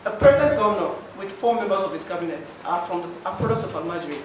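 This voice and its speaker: High-pitched, animated and fast-talking, this Nigerian forum participant delivers an emotional public comment, begging the room to hear his case. The handheld mic is captured from afar in an echoey hall with plenty of noise.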